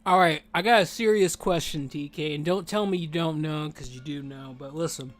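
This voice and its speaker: A slightly high-voiced man streaming a game, chatting in an easygoing, rambling way. He gets animated as he talks and eats as he goes, so some words come out with his mouth full. Faint game music plays underneath. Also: moderate pace. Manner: rambling, animated, says dude a lot; talking with mouth full while eating. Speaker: gaming streamer. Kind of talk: casual gameplay chat.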